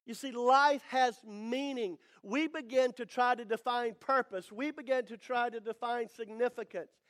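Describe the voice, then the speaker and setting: High-voiced preaching pastor, emphatic. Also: male voice, fairly even intonation, a bit bright. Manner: preaching with dramatic pauses and rising emphasis. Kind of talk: sermon.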